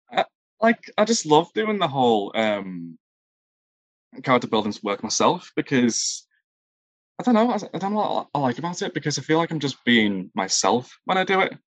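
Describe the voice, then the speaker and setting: Halting man searching for words. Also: medium pitch, very animated, no room sound, highs cut off. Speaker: improv performer, guest. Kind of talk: casual interview answers.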